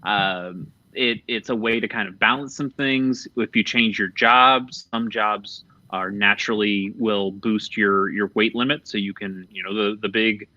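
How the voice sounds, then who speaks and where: A man with a lowish, bright, forceful voice chats casually as a podcast host. He talks candidly, swears freely and often trails off mid-thought. The sound is dry and a little dull, like lo-fi podcast audio. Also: fairly even intonation, measured pace, dry recording. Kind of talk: casual chat about video games.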